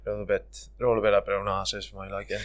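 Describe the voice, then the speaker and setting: A man's voice: on the low side, level tone, rapid-fire. A man with a South Welsh accent hosting a casual chat, rambling and sweary, tired. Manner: rambling, sweary, laid-back, lots of 'like'. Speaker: podcast host.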